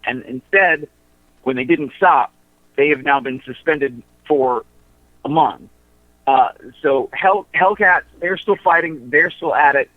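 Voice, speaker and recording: A man's voice: a little high, no room sound. Man on a tinny phone line. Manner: halting, full of fillers and restarts. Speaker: wrestling promotion insider guest. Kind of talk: casual radio chat.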